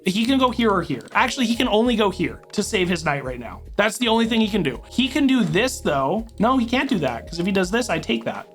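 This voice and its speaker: A woman's voice: medium pitch, big pitch swings, a little fast, few pauses, faint music behind. A woman commentating her own online chess game as she plays, thinking aloud move by move with dramatic outbursts. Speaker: chess streamer. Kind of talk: live commentary while playing online chess.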